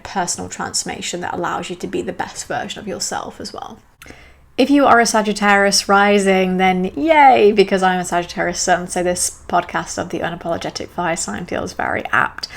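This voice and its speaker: A woman's voice: fairly low pitch, vocal fry. A woman hosting a solo astrology podcast, talking in a chatty, enthusiastic way with self-aware asides.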